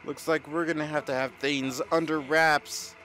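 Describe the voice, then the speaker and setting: A young man commenting on his gameplay, excitable and jokey, reacting loudly to what happens. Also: on the high side, moderate pace, faint music behind. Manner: excitable, jokey, talks over the game. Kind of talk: let's-play commentary.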